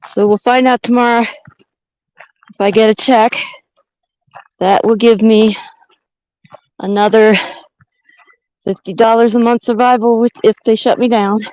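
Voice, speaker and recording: A woman's voice: on the high side, fairly even intonation, unhurried, pauses often, a little mellow, dry recording, poor audio. A woman vlogging outdoors on a mountain trail, chatting and thinking aloud into a handheld camera as she hikes. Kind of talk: casual walking vlog narration.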